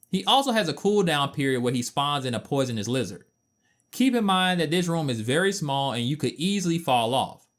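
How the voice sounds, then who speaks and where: Male game reviewer reading a scripted voice-over; somewhat high pitch, very expressive, playful and mock-indignant. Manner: animated, playful asides and mock outrage.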